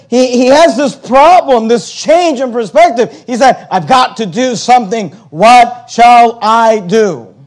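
High-voiced impassioned male preacher. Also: a little mellow. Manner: impassioned preaching, repeats words when stirred. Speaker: pastor. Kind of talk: sermon.

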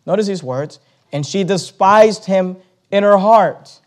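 A man's voice: high voice, unhurried. A man preaching a sermon, acting out imagined conversations with sudden rises and drops in his voice. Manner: acts out imagined dialogue, rises and falls sharply.

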